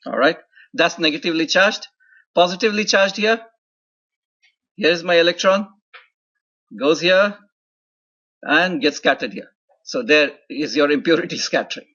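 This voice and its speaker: A male university lecturer with a slightly raised, husky voice walks through ideas step by step. He keeps checking in with quick "right?" and "okay?" tags. The recording sounds dull and lo-fi. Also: fairly high pitch, sharp tone. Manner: explanatory, often adds "right?" and "okay?" checks. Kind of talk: classroom lecture.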